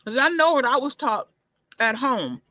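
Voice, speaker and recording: A woman co-hosting a casual opinion talk, telling stories forcefully and cutting in often. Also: sits high, very animated, normal speed, no room sound. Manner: forceful storytelling, interjects often. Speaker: co-host.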